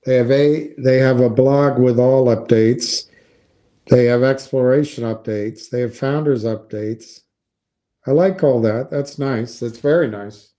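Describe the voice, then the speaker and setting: Low, slow, dark-voiced man musing. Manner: musing, skeptical, thinks aloud with restarts. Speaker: commentator on investing. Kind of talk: casual commentary, reading aloud from a website.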